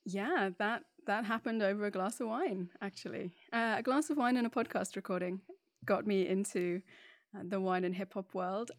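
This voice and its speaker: A woman's voice: medium pitch, moderate pace, dry recording. Chatty English woman, dry close mic. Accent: neutral southern English. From Northeast England. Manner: chatty, animated storytelling. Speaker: podcast guest, wine educator. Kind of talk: casual interview chat.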